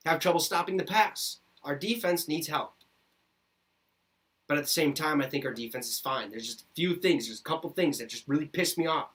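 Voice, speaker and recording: Podcast host, man in his twenties, from Minnesota, fairly high-pitched, delivering a heated, profane sports rant. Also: fairly bright tone. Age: 20s. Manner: heated, profane, repeats points for emphasis. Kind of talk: ranting sports commentary.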